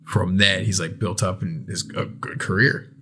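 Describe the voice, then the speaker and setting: Casual low-voiced male podcast co-host. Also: fairly even intonation, moderate pace, bright, forceful tone, breathy edge. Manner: loose, swearing, enthusiastic recommending. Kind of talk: casual chat.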